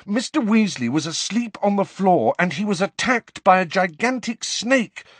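A man's voice: high-pitched, expressive, normal speed, fairly bright tone, no room sound, pitched above the performer's own voice. A man voicing a frantic teenage boy wizard in pain, panting and urgent as he insists on what he saw. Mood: furious insistence.

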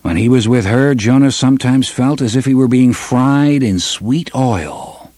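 A man reading a gritty novel aloud in steady, measured audiobook narration. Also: mid-range voice, dry recording. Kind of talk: scripted narration.

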